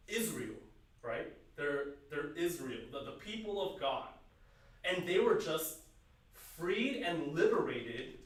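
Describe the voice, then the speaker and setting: A man preaching a youth sermon in earnest, asking his listeners questions and swinging between loud emphasis and quiet, hushed lines. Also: on the high side. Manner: asks the listeners repeated questions. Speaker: youth pastor. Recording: very echoey room, voice from some distance.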